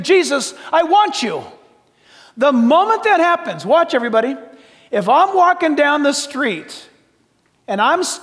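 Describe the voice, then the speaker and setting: Emphatic high-voiced preacher man in a reverberant hall. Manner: emphatic, shouting at times, then dropping to soft asides. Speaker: pastor. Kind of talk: sermon.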